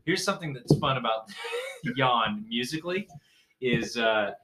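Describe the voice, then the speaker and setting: A man co-hosting a casual talk show, animated and quick to laugh, swearing freely. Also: mid-range voice, roomy sound, noisy background. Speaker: podcast co-host, drummer. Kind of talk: casual chat.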